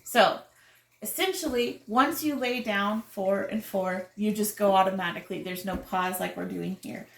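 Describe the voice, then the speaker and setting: A woman's voice: medium pitch, normal speed, vocal fry, roomy sound. A woman casually explaining the rules of a card game step by step.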